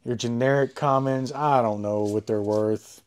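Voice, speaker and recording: A man's voice: mid-range voice, steady tone, unhurried, smooth. A man in the middle of his range talks loosely as he opens a box of cards. He swears often and makes crude jokes. He speaks right into a close mic that he says he sometimes overloads. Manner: crude joking, swears freely, rambling. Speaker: host opening a card box. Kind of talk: casual chat while unboxing.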